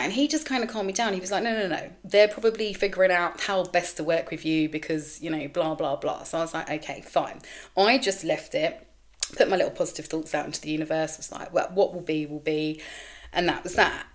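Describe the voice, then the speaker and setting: A middle-aged woman telling a candid story as a podcast host, animated and sweary, acting out quoted voices. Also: on the low side. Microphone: camera with mic, solo recording.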